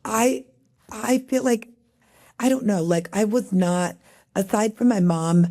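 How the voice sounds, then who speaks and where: A woman's voice: mid-range voice, dark tone. A middle-aged woman from El Paso, Texas, telling stories in a chatty interview with plenty of fillers. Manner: chatty, many fillers, quick storytelling. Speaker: guest, magazine editor. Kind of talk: casual interview conversation.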